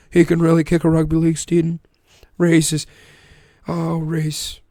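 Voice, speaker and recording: A man's voice: fairly high pitch, completely flat delivery, a little slow, mellow, no echo, clean studio sound. An Australian man putting on the voice of a blustery older American male politician, with a put-on American accent and boastful, repetitive superlatives.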